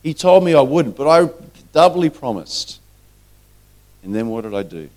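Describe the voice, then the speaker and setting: A man's voice: medium pitch, sing-song, normal speed, a little mellow. A man preaching a sermon, telling a story earnestly and acting out the quoted lines.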